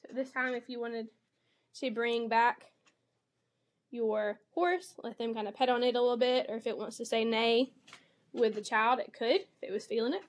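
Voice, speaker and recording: A woman's voice: on the high side, fairly even intonation, normal speed. A woman teacher demonstrating a read-aloud lesson for young children, explaining each step and voicing the animal sounds with expression.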